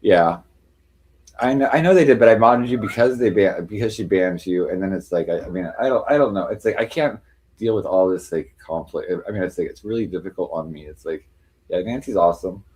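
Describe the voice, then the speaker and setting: Male streamer, deep and warm, loose rambling talk, baby-talks his cats. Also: fairly quick. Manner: rambling, full of fillers, coos at his cats in a higher voice. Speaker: livestreamer. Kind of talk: casual live-stream chat.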